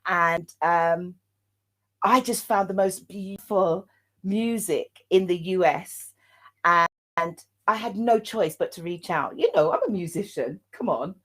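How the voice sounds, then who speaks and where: A woman's voice: lowish voice, unhurried, fairly bright tone. Chatty British woman hosting a live show. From United Kingdom. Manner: chatty and upbeat, many fillers. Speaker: host. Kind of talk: live online interview show.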